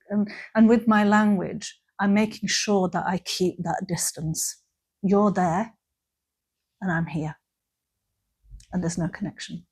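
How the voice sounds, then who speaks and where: A woman giving a gentle, unhurried reflective talk about mental health, sometimes softly acting out phrases. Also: mid-range voice, breathy edge.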